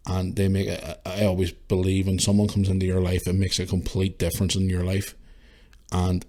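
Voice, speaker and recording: A middle-aged Northern Irish man talks through a heartfelt monologue on his podcast. His voice sits a bit low, and he sounds tearful and emotional. He stumbles and restarts his sentences often. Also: completely flat delivery, moderate pace, warm tone. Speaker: podcast host.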